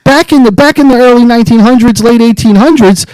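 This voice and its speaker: A man's voice: extremely high pitch, quick pace, no room sound, rough recording. A man co-hosting a podcast, chatting casually and swearing freely, acting out other people in mock quotes. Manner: profane, animated storytelling with mock quotes. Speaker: podcast co-host. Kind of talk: casual chat.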